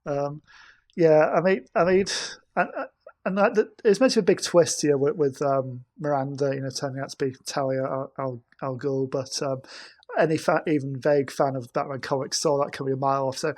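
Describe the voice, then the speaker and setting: A man co-hosting a casual film discussion, halting and repeating words as he thinks aloud. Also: medium pitch, fairly even intonation, darkish tone. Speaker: podcast co-host.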